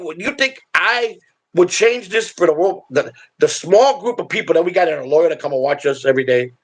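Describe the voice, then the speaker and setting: His voice is fairly high with a breathy edge. He's a streamer and show host telling casual stories on a live stream, rambling along in a blunt, profane manner.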